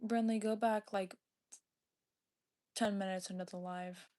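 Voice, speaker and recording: A woman's voice: mid-range voice, fairly even intonation, measured pace, dark tone. A woman hosting a casual livestream from her phone, reading the chat and cursing constantly as she argues back at viewers. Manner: profane, confrontational, heavy cursing. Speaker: livestream host. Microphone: phone held away from face.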